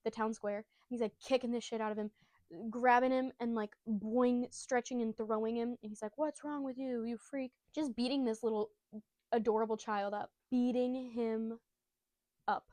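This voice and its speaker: A woman's voice: fairly high pitch, level tone, moderate pace, a little mellow, no echo. A woman giving a casual, giggly and profane retelling of a comic chapter. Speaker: storyteller.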